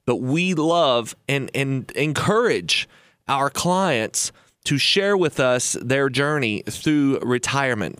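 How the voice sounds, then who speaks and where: A man hosting a retirement podcast, talking earnestly and telling a folksy story, slowing down for emphasis. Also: a little high, fairly bright tone, smooth, no room sound. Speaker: host and financial planner.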